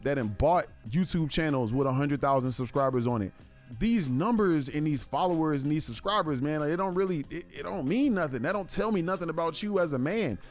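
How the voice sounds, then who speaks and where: A man giving earnest, reflective commentary on a podcast in casual slang. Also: fairly high pitch.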